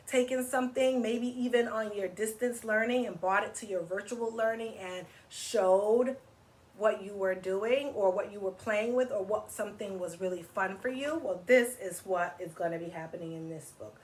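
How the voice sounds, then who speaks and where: An animated woman reading a picture book to children. She talks in a teacherly way and keeps pausing to ask her young listeners questions and get them to join in. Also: mid-range voice. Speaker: children's story reader. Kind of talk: read-aloud for children.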